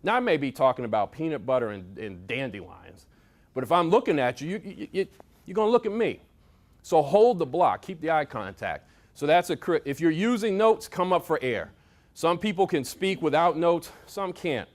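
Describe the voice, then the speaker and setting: A man giving a lively motivational talk to a workshop audience, coaching them with sports analogies, repetition and swings in loudness. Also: a little high, moderate pace. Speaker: speaker at a leadership workshop. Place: meeting room with audience.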